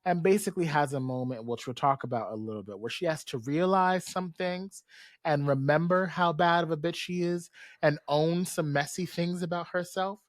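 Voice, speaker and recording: A podcast host giving a casual, animated and sassy recap full of slang and quick asides. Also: mid-range voice, no echo, studio quality. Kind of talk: casual recap of a cartoon episode.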